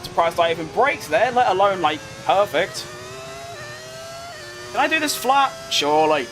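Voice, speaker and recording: A man's voice: sits high, expressive, normal speed, background noise. A young man from London, with a London accent tinged with posh, chatting as he streams a racing game, answering chat with rambling asides. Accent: London English with a posh tinge. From England. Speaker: gaming streamer. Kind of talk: live racing game commentary.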